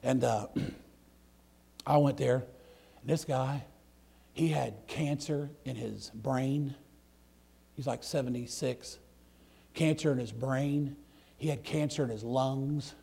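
A middle-aged man, a preacher telling folksy stories in a sermon, swinging between loud outbursts and hushed, near-whispered passages. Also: medium pitch, slow pace, vocal fry, pauses often, slightly rough. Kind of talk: storytelling sermon.

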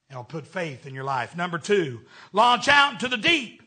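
A man's voice: high voice, very animated, moderate pace, bright, forceful tone. An older man preaching a sermon, folksy and humorous in his storytelling. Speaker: pastor.

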